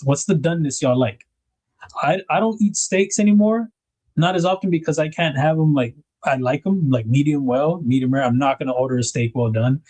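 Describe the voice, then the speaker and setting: Husky man chatting on a livestream. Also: medium pitch, dark tone. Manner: chatty, reads viewer comments aloud, laughs often. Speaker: livestream host. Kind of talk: casual livestream chat.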